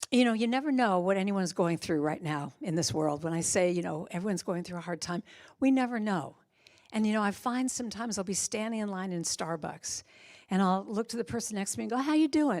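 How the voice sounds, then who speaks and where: A woman's voice: mid-range voice, dry recording. Earnest woman giving a dry-sounding Sunday talk. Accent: American. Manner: earnest, conversational, with quick asides. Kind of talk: inspirational Sunday talk with stories. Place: church sanctuary.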